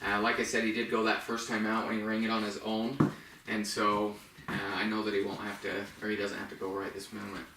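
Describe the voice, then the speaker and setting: A man's voice: fairly low pitch, completely flat delivery, fairly quick, heavy background noise. A man working as a dog trainer, patiently explaining each step of a training demonstration indoors while praising the dog. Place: indoors by a door. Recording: echoey room, mic at a distance.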